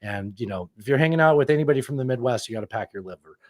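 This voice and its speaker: A man in his thirties hosting a casual podcast, rambling and animated, who swears casually. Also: mid-range voice, very fast. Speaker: podcast host. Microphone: studio microphone.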